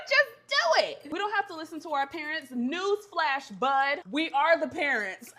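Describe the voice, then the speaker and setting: A woman vlogging her day in a chatty, playful way, laughing often and calling the viewer girl and baby. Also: medium pitch. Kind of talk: casual lifestyle vlog.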